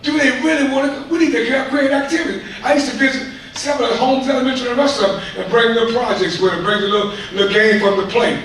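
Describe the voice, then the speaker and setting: A man with a very high, slightly bright voice talks fast with few pauses and fairly even intonation. He's making a fervent, preachy public comment to a school board, repeating himself in casual speech. The mic is distant in an echoey hall with faint noise.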